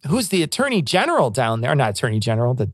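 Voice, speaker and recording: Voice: mid-range voice, fast, husky, dry recording, studio quality. A podcast co-host from Illinois in casual chat, telling stories with profanity and acting out what people said. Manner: animated storytelling, profane, acts out quotes.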